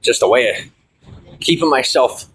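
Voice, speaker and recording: A man's voice: mid-range voice, lively intonation, unhurried, fairly bright tone, slight background noise, rough recording. Chatty man vlogging on a city street. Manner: chatty, blunt, swears freely. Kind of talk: casual walking vlog.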